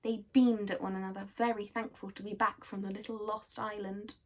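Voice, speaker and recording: A woman reading a children's book aloud, telling it expressively and softly. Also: medium pitch, little pitch movement, fairly quick. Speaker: storyteller.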